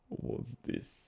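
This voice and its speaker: A man from Nigeria with a Nigerian accent, chatting casually and rambling as he reacts to videos on a livestream from his phone. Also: warm tone. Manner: rambling, chatty, many fillers and chuckles.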